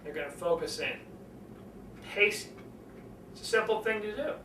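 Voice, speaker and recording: Older man, public speaking coach, animated, bright voice, roomy distant sound with faint hiss. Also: moderate pace. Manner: animated, demonstrates pitch swings, acts out conversations. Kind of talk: speaking lesson to camera.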